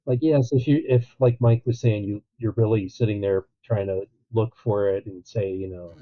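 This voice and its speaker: A man co-hosting a podcast, chatting casually about a film, animated and acting out quotes with a laugh. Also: on the low side, normal speed, few pauses. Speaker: podcast co-host. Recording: tinny phone-like line.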